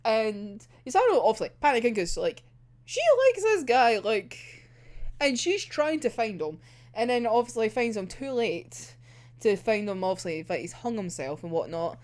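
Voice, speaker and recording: A young woman giving a casual anime commentary, animated and heated, swearing a lot and filling with "like". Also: fairly high pitch, moderate pace. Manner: animated, heated, heavy swearing, many fillers. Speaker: anime reviewer.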